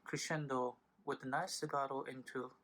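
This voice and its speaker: A man gives a patient, informal violin lesson, with frequent fillers and self-corrections, and violin playing fills the gaps between phrases. His voice is medium-pitched, a bit bright, level in tone and moderately paced.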